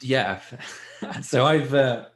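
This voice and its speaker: A man's voice: mid-range voice, sing-song, very slow, fairly bright tone. A man in his twenties from Leeds, a tech founder talking casually as a podcast guest, laughing easily. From Leeds, England. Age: 20s. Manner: casual, many fillers and restarts, laughs easily. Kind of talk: podcast interview.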